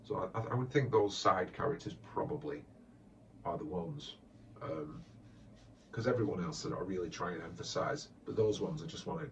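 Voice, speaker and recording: A man's voice: sits low, moderate pace, a little hiss or hum. A man who makes comedy voiceover parodies, answering fan questions in a hesitant, chatty way. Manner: hesitant, many fillers and restarts, chatty. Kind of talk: casual Q&A chat. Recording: distant muffled lo-fi mic.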